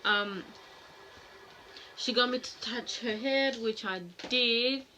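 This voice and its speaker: A young woman vlogger frankly telling a personal story to camera in a casual, animated way, acting out what people said. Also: a little high, takes it slowly, slight background noise. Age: young adult. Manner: frank, animated, acts out quoted voices.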